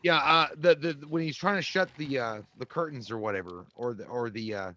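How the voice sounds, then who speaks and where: A man's voice: mid-range voice, brisk, bright, forceful tone, lo-fi sound, slight background noise. A man co-hosting a casual movie review show, talking crudely and rambling with lots of fillers and restarts. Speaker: podcast co-host.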